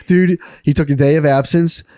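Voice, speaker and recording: A man's voice: a little high, fairly even intonation, moderate pace, mellow, dry recording. Laughing, swearing man telling a rambling story. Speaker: podcast co-host. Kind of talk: casual podcast chat.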